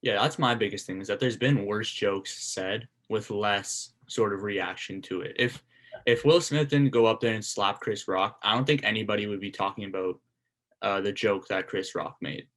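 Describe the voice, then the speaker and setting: A man co-hosting a podcast in a casual chat, talking in a measured way and checking facts with questions. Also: on the low side, fairly bright tone. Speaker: podcast co-host.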